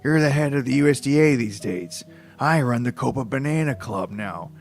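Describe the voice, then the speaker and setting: A man voicing a weary, brooding male detective who speaks flatly in a storybook reading. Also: mid-range voice, moderate pace, faint music behind, close to an everyday voice. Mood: dry. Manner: flat, downbeat.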